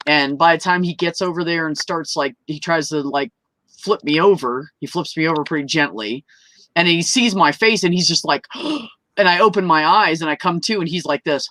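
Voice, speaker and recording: Bright-voiced woman telling a wild story. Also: sits low, normal speed. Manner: animated, swears freely, laughs mid-story; acts out quoted voices. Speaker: open mic storyteller. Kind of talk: casual storytelling.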